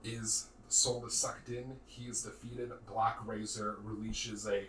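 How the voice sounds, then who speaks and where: Brief: male game master narrating a tabletop game, bright voice, distant roomy recording. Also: on the low side, a little slow. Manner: lively, casual, uses "like" fillers. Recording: roomy, distant mic, faint noise.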